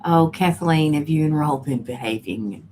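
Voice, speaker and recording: A woman's voice: low-pitched, animated, normal speed, a little mellow, a little hiss or hum. A middle-aged woman hosting a live chat stream. She talks casually and rambles, with many fillers and restarts, and answers viewer comments as she reads them.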